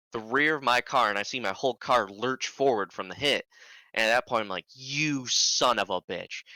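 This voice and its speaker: A young man who is a podcast guest, telling a story in animated casual talk and swearing freely. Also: mid-range voice, dry recording, poor audio.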